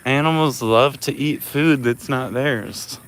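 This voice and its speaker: A farm owner chatting casually on a live stream while feeding animals in an outdoor pasture, coaxing them gently. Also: mid-range voice, takes it slowly, slight background noise. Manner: coaxing, soft-spoken with the animals. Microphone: phone live stream.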